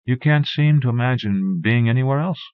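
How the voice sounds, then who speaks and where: A man reading a short story aloud as an audiobook narrator, in a measured, even way. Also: mid-range voice, clear, resonant tone, no echo. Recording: dull lo-fi cassette recording.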